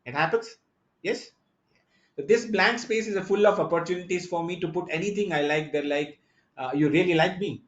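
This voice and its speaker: This conference speaker, a man with a high voice, lectures online and explains things one step at a time while addressing listeners directly. He pauses often on fillers and restarts, and the audio is lo-fi and echoey.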